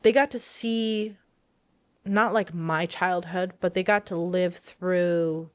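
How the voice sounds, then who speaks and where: A woman, a guest in an interview, telling a personal story in a casual, animated way and acting out the dialogue she quotes. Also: on the low side, slow, no echo.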